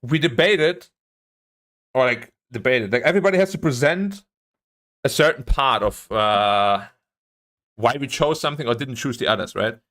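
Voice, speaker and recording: A man's voice: medium pitch, normal speed, long pauses. A young man streaming, chatting casually about a training day and ranting with frequent swearing. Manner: animated ranting, swears, voice jumps up when annoyed. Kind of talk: casual chat.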